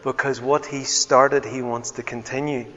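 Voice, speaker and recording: A man preaching a sermon as pastor, swinging from loud exclamations to hushed, tender words. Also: mid-range voice, flat delivery, normal speed. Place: church hall. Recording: dull sound with long church reverb.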